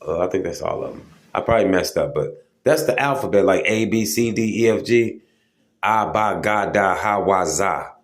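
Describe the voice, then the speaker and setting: Man, low register, casual preaching monologue, emphatic, keeps checking in with listeners. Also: moderate pace. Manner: informal and emphatic, with many fillers and "okay?" check-ins. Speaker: religious video host.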